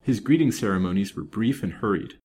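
A man reading a serialized novel aloud in a measured, expressive way. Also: lowish voice, a little hiss or hum. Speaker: storytime reader.

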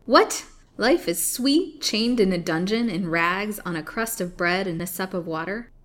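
A woman's voice: lowish voice, expressive, moderate pace. A woman voicing a cruel old hag jailer. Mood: furious. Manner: shouting, snarling taunts.

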